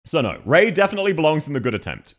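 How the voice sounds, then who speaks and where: A man's voice: fairly high pitch, big pitch swings, very fast. A young man with a Canberra Australian accent, casually chatting on a live stream, laughing and swearing often.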